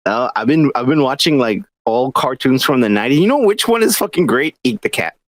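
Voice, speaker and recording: A man co-hosting a podcast in casual chat, laughing often and jumping into high squeaky imitations. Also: expressive, fairly quick, no echo. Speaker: podcast co-host.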